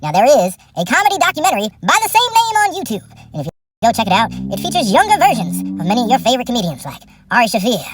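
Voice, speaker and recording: A woman's voice: fairly high pitch, wildly swooping pitch, quick pace, vocal fry. A woman hosting a comedic movie review, rambling and profane, laughing often, and a little tipsy. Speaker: host.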